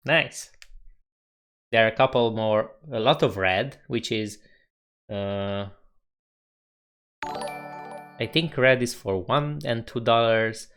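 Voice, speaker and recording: Slow-talking man chatting on a live stream. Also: fairly low pitch, clean tone. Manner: relaxed, chuckles often, reads chat aloud. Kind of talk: casual live stream chat.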